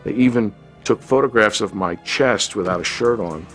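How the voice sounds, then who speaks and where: A deep-voiced actor calmly looks back on a shoot, stumbling now and then as he talks. Faint music plays behind him. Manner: reflective, measured with hesitant restarts. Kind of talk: interview recollection. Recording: light music underneath.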